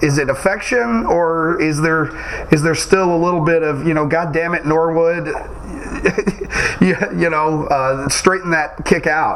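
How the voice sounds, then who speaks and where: A man's voice: fairly high pitch, fairly bright tone, a little hiss or hum, rough recording. A man interviewing a guest, chatty and teasing, who laughs easily. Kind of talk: casual interview questions.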